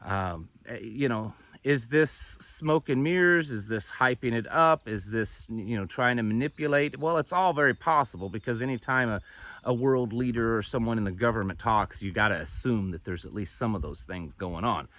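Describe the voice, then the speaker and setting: A man's voice: medium pitch, normal speed, a bit bright. A man hosting a homesteading channel, giving casual news commentary in a conversational, skeptical way with frequent restarts. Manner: conversational, repeats words and restarts, skeptical asides.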